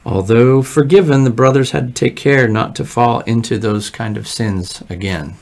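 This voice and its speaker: A man leading morning prayer as pastor, reading scripture and explaining it with lively, conversational asides. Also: medium pitch, moderate pace. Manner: conversational, lively asides, frequent "right?" check-ins. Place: church.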